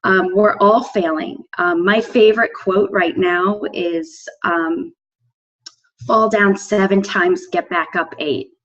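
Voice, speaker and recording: A woman's voice: mid-range voice, steady tone, slow, fairly bright tone, highs cut off. A woman in her forties, a team coach, sharing earnestly and with emotion on a team conference call. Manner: emotional, earnest, laughs between thoughts. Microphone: phone on a call.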